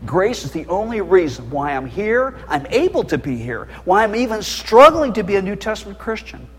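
A middle-aged male preacher with a high, husky voice that swings widely as he pleads and warns. He preaches with raw feeling and pushes into shrillness when he gets loud. The sermon rings with a long reverb, like a church hall. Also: sing-song, normal speed. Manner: passionate, emotional, voice rising to a shrill pitch.

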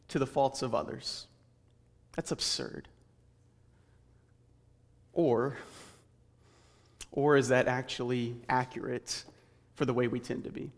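A man preaching a sermon earnestly, building his points through rhetorical questions. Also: on the high side. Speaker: pastor. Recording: long hall reverb.

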